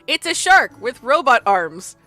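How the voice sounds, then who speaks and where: A woman's voice: fairly high pitch, sing-song, unhurried, bright, forceful tone, soft background music. A woman narrating as game master of a tabletop game, often breaking into laughter.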